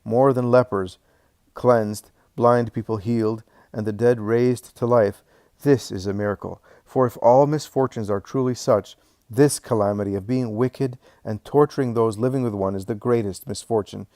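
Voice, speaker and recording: A man narrating a first-person memoir in a slow, measured, emotional way, building to swelling emphasis on key phrases. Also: mid-range voice, steady tone, mellow, no room sound, studio quality. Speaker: audiobook narrator.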